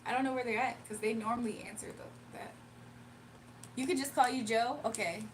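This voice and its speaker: A woman hosts a laid-back livestream, talking straight to her viewers. Her voice sits high and she laughs easily as she reads their messages out loud. She is a little off-mic, with a faint hum of the room behind her. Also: fairly even intonation, brisk. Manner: chatty, laughs often, reads chat aloud. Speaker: livestream host doing readings. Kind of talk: casual livestream chat with viewers. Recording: a bit distant from the mic, faint room noise.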